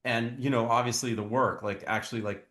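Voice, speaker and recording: A man's voice: mid-range voice, fairly even intonation, fairly bright tone, roomy sound. A man co-hosting a true crime podcast, talking casually and earnestly, often restarting his words, as he reads viewer comments. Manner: earnest, halting, repeats words. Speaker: podcast co-host. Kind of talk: casual chat reacting to comments.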